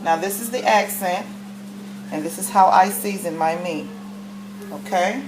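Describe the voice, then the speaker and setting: A woman's voice: fairly low pitch, a little slow. Chatty woman cooking in an echoey kitchen. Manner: chatty, folksy, ends lines with "okay?". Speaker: home cook showing a recipe. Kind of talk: casual cooking demonstration. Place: home kitchen. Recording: echoey kitchen with faint noise.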